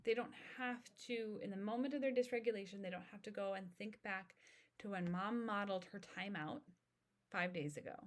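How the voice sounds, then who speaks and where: A woman in her thirties hosting an educational podcast, speaking in a calm, steady, instructive way. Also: mid-range voice, fairly quick. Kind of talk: informational podcast monologue.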